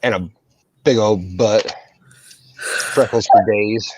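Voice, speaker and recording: A man's voice: on the low side, takes it slowly, a little mellow, husky, dry recording. A young man co-hosting a casual coin chat, brash and profane, joking loosely. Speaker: coin channel co-host.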